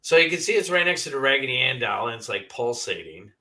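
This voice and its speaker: A man's voice: medium pitch, big pitch swings, quick pace, vocal fry, pushed and bright, slight background noise. A man hosting a paranormal podcast, chatty and enthusiastic as he leads each segment. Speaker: podcast host. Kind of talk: casual interview chat.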